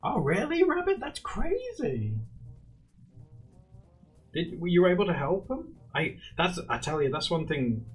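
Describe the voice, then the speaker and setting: A young man streaming live, chatting casually and rambling while he draws, often laughing and jumping into high squeaky bursts. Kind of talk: casual chat while drawing on a livestream.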